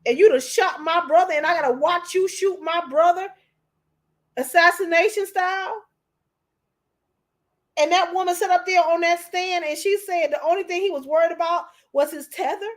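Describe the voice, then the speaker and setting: Emotional, preachy high-voiced woman. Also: fairly even intonation, normal speed. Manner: preachy, repeats herself, calls listeners honey. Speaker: commentator. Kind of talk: emotional commentary.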